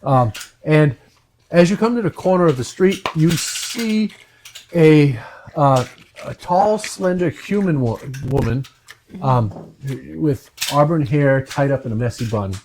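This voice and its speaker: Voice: medium pitch, expressive, unhurried, a little mellow, a little hiss or hum. A dungeon master narrating a tabletop game at home, casual and full of ums. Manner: hesitant, many ums, casual. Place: home with family.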